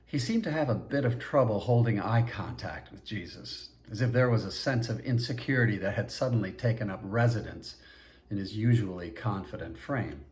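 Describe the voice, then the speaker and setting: A man's voice: on the low side, moderate pace, darkish tone, slight background noise. Man narrating an audiobook. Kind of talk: first-person audiobook narration.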